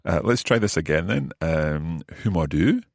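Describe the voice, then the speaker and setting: A man hosting a language lesson podcast as the learner, asking curious questions and slowly repeating new phrases. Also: sits low, expressive, creaky, no room sound, clean studio sound. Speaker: host and learner.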